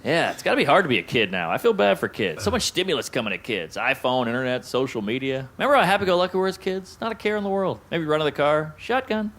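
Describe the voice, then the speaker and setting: A man's voice: a little high, very animated, fast talker, hardly any pauses, a bit bright. Wisecracking American man doing stand-up. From United States. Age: 30s. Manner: punchy, wisecracking joke delivery. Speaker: stand-up comedian. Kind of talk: stand-up comedy set. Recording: noisy live comedy recording.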